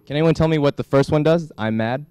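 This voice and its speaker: A young man giving a classroom lecture as a student instructor, talking in a halting way with many restarts. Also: fairly high pitch, little pitch movement, warm tone, clean tone, no echo. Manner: halting, frequent restarts and fillers. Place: lecture hall.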